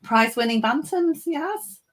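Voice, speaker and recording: A woman's voice: high voice, lively intonation, normal speed. A woman co-hosting a casual football watchalong chat, chatty and self-deprecating. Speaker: podcast co-host.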